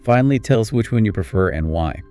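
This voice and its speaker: Low-voiced man teaching spoken English. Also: lively intonation, fast, mellow, faint music behind. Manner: clear, encouraging teacher delivery. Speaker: co-host of an English speaking course. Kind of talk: scripted lesson dialogue.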